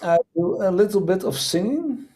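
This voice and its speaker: A man hosting a casual livestream chat, quaintly formal with frequent "indeed" and "I say," pausing often on fillers. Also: high-pitched, lively intonation, warm tone. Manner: hesitant, many fillers. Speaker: streamer host.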